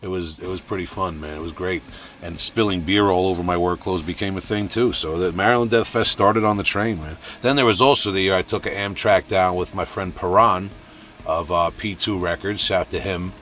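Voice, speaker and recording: A middle-aged man with a deep, booming voice, telling a rambling, self-deprecating story in a casual podcast monologue. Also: fairly even intonation, brisk, fairly bright tone. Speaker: podcast host.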